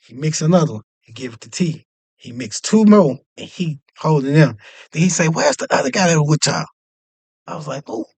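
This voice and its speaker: Man, fairly high voice, animated storyteller, acts out quotes, dry studio sound. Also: a little fast, creaky, husky, dry recording. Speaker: podcast host. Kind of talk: casual storytelling.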